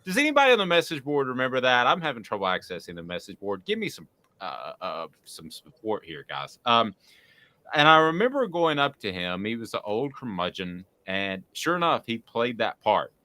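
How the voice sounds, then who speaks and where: A man's voice: mid-range voice, moderate pace. A man co-hosting a sports radio show, telling long rambling stories with lots of fillers. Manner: rambling, animated storyteller with filler words. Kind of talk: casual radio chat, storytelling.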